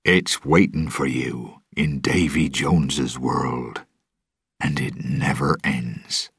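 A man's voice: a bass voice, steady tone, takes it slowly, creaky, slightly rough, no room sound, studio quality, full character voice. Man as a grave, frightened old sailor. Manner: grave, sometimes hushed. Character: serious, fearful old sailor, male. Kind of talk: audiobook storytelling.

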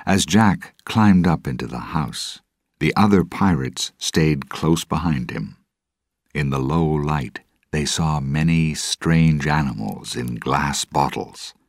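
Deep husky guy reading a storybook, slow and steady, dry sound. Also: no room sound. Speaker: narrator.

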